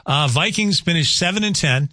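A man's voice: a little high, expressive, normal speed, sharp tone, no echo, studio quality. A man hosting a morning radio show, talking casually with lots of fillers and offhand jokes. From North Dakota. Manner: chatty, rambling, jokey with filler words. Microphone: studio microphone.

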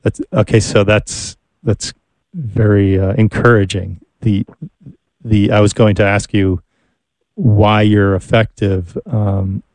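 A man's voice: lowish voice, flat delivery, slow pace, darkish tone, no room sound. A man interviewing a guest, asking thoughtful questions while searching for words.

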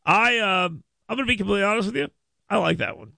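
A man's voice: sits high, fast, creaky, sharp tone, no echo. A man hosting a radio call-in show in a studio. He chats casually, rambles, repeats words and laughs often. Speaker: radio talk show host. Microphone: studio mic.

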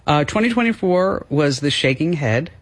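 A man's voice: a little high, expressive, normal speed. A man hosting a talk radio show, chatting casually, laughing often and quizzing his co-host. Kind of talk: casual radio chat with an ad read.

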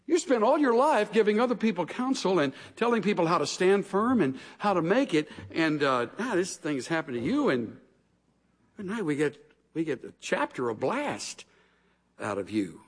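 Husky-voiced preacher in an echoing hall. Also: male voice, sits high, moderate pace. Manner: animated storytelling, acts out scripture voices. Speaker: pastor. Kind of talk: sermon. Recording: long hall reverb.

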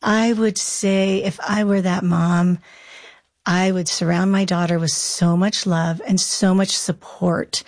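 A woman's voice: lowish voice, flat delivery, slow pace, a little mellow, dry recording. A woman guest in an interview, telling her faith story in an earnest, reflective way. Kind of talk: interview, personal testimony.

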